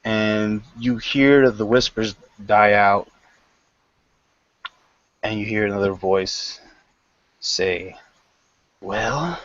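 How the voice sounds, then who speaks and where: A man narrates a tabletop game as game master, halting often and correcting himself. He speaks very slowly in a lowish voice. The recording is dry and dull, with a lo-fi sound. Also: level tone, a bit bright, no echo. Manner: halting, with many fillers and restarts.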